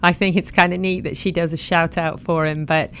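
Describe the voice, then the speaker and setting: A woman's voice: on the low side, level tone, a little fast, a bit bright, slight background noise. A woman hosting a horse talk show, chatting enthusiastically and reading sponsor lists.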